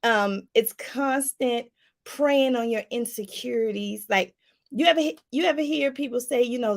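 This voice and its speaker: Animated woman life coach, gravelly voice. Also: a little high, moderate pace. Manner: animated, laughing, talks straight to the viewer with "y'all". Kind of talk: casual advice talk to viewers.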